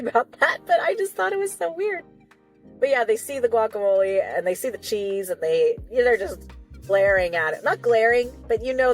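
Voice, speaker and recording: A woman hosting a reaction video, recapping an episode in a chatty, rambling way with little asides and apologies. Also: mid-range voice. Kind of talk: casual recap and commentary.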